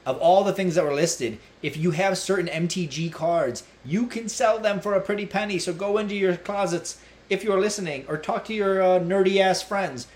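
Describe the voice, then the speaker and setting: A man's voice: high voice, normal speed, darkish tone. An American man co-hosting a casual comedy podcast, musing and joking in an easygoing way. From United States. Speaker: podcast co-host.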